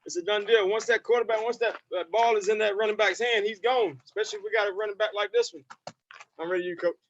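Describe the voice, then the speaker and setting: A man coaching football players in a virtual session, energetic and repetitive. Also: high voice, fast talker, muffled recording, slight background noise.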